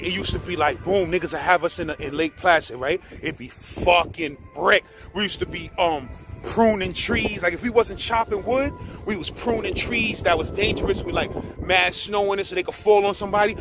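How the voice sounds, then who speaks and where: A man with a New York accent telling a prison story in a casual, animated, profane and slang-heavy way, mimicking others as he goes. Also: high voice, background noise.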